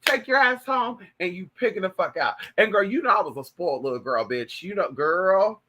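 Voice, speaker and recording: A flamboyant man chatting on a livestream, spinning profane stories with lots of swagger. His voice sits high and sounds very bright and sharp, and his pitch swings widely as he talks. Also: fairly quick. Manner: flamboyant, profane, animated storytelling. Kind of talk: casual chat.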